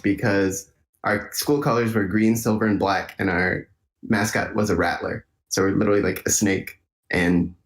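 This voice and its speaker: A man's voice: fairly low pitch, steady tone, moderate pace. A man co-hosting a podcast in casual chat, easygoing and chuckling often as he reads out listener questions. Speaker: podcast co-host.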